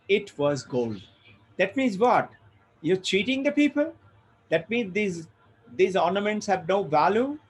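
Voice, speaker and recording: A man's voice: high-pitched, a little hiss or hum, poor audio. A man giving a spiritual lecture, explaining ideas through stories and rhetorical questions. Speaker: spiritual teacher.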